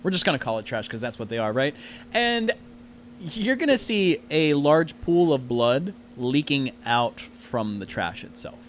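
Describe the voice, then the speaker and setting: A man's voice: on the high side, big pitch swings, unhurried, slight background noise. A man narrating as game master of a tabletop game, rambling with lots of fillers.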